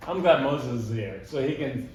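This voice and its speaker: A young man telling stories in casual conversation, animated and laughing as he goes, with many fillers like "like" and "dude.". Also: mid-range voice, moderate pace. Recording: echoey room, voice from some distance.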